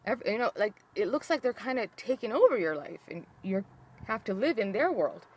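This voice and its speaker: A woman's voice: medium pitch, lively intonation, fairly quick, a little mellow, a little hiss or hum. Woman vlogger, candid storytelling, emotional, lots of fillers and restarts. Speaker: vlogger on narcissistic abuse.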